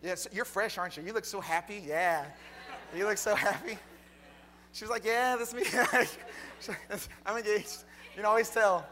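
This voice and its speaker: A young man preaching a sermon, telling a personal story that builds to a fervent, shouted close. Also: sits high, measured pace. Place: church hall with congregation.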